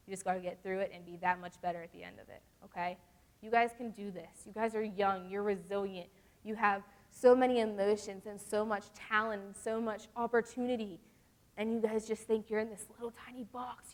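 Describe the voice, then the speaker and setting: A young adult woman teaching a youth group in a casual, earnest way, reading scripture slowly between chatty remarks. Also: medium pitch, fairly even intonation. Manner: earnest, conversational, reads verses slowly.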